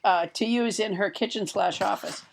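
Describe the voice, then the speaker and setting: A woman hosting a comedy podcast, rambling and giggly, with halting restarts. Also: mid-range voice, creaky, a little hiss or hum. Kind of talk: comedic banter.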